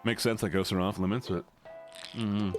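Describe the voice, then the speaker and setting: A man's voice: lowish voice, fairly even intonation, normal speed, faint music behind. A man with a stuffed-up nose, casually chatting with his viewers while playing a game. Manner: talks to chat while playing, chatty and playful. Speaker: streamer. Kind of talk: casual gaming stream chat.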